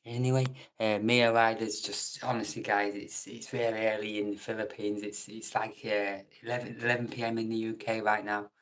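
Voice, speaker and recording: A man's voice: lowish voice, little pitch movement, normal speed, few pauses, fairly bright tone. A British man hosting a late-night live stream chat, joking with viewers and reading out their names, sometimes dropping to a whisper. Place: room at home at night.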